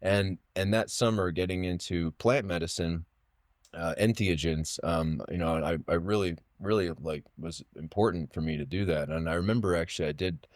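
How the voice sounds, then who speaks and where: A man's voice: low-pitched, normal speed, no room sound, clean studio sound. A man in his late thirties, a podcast guest, telling stories in a casual, rambling way with many restarts and fillers. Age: late 30s. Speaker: podcast guest, poet and writer. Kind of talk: casual interview storytelling.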